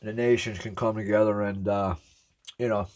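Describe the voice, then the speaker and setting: A man's voice: fairly low pitch, little pitch movement, normal speed, darkish tone. A man in his forties talking earnestly to his viewers in a rambling, reflective way, eating as he speaks. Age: 40s. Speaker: ASMR YouTuber. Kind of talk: casual reflective talk to camera.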